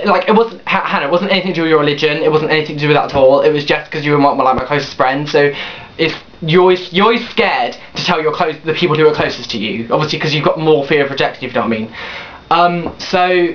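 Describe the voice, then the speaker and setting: A man's voice: a little high, slight background noise. A young man in his late teens telling a personal story on his vlog, rambling with restarts and blunt swearing. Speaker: vlogger. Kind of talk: casual confessional storytelling. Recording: dull lo-fi webcam recording.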